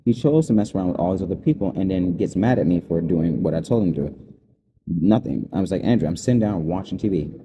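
A man's voice: low-pitched, lively intonation, fast, warm tone, slight background noise. A man telling his own story in an unscripted, rambling monologue, aggrieved and agitated, jumping from one event to the next.

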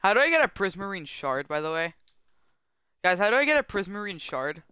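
A man's voice: sits high, sing-song, fairly quick, pushed and bright, clear, resonant tone, no echo. A man streaming a survival game, chatting and joking goofily with friends and chat. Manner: goofy, joking, bantering with chat. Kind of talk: casual gaming chat.

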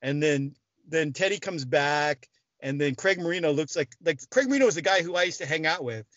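Male podcast guest, animated storyteller who restarts a lot, slightly high voice, lo-fi audio. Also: a little fast, no echo. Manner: animated, restarts often, swears freely. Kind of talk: casual storytelling. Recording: dry, dull lo-fi sound.

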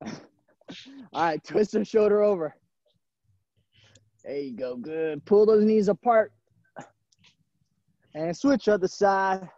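His high-sitting voice has a dark tone, and he speaks slowly with frequent pauses; there's no room sound and the highs are cut off. Coaching a live virtual gymnastics class from a gym over a video-call camera mic, he cheers on the kids using nicknames.

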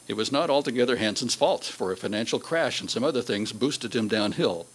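A man giving a local history talk, reading old newspaper quotes aloud in a measured way with fillers. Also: medium pitch, animated, slightly rough, low-quality recording.

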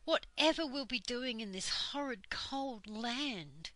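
Cautious wistful girl, read by an older woman, slow, bright, storybook. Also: a little high, expressive, dry recording, voice pushed up, exaggerated voice.

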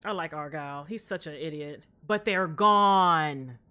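A young woman hosting a reaction video, talking casually and trash-talking the characters loudly with plenty of swearing, recorded at home on a desk mic. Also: deep voice, a little slow, faint music behind. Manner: loud, profane, animated trash talk at the screen.

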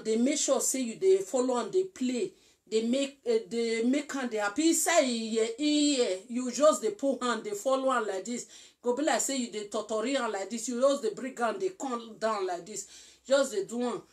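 A Nigerian woman talks through relationship advice in a loose, instructive way. She repeats herself and keeps checking that the listener follows. Her voice sits a little high. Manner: repetitive, coaxing, often checks "you understand?". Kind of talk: casual instructive talk.

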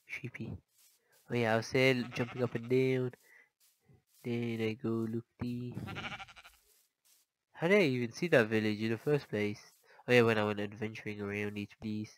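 A man's voice: mid-range voice, flat delivery, normal speed, pauses often, a little hiss or hum, low-quality recording. Jumpy man narrating his gameplay. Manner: jumpy, easily startled, chatty. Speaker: gaming channel host. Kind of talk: casual gameplay commentary.

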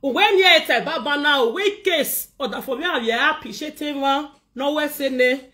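A woman with a Nigerian Pidgin accent, delivering an animated, scolding rant to the camera as a vlogger. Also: sits high, moderate pace. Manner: scolding, animated, acts out others' words. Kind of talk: ranting monologue to camera.

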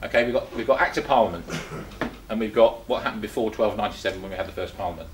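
A man's voice: lowish voice, racing, reverberant, noisy background. An older man from England giving a chatty talk to a small group, full of rhetorical questions and restarts. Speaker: presenter. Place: meeting room.

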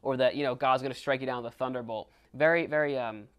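A man's voice: mid-range voice, fast talker, clean tone. A man co-presenting a church retreat, talking casually and animatedly about scripture with lots of fillers. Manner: animated, rambling with many fillers. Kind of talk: casual faith discussion.

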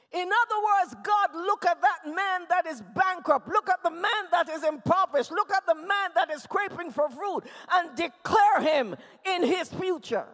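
A man with a Nigerian accent preaching a fervent sermon in a large church hall, swinging between loud shouts and hushed passages. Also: extremely high pitch, lively intonation, a little slow. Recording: long reverb of a church hall.

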